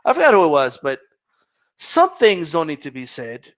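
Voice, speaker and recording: A man with a high voice hosts a casual live Q&A stream. He rambles loosely and swears freely, and the sound is dull and lo-fi. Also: wildly swooping pitch, normal speed. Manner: rambling and profane.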